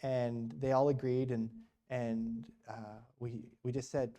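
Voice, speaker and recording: This man, a guest preacher at a church, speaks slowly in a flat, mellow, mid-range voice. His sermon is built on stories told in a conversational way, peppered with rhetorical questions and "you know."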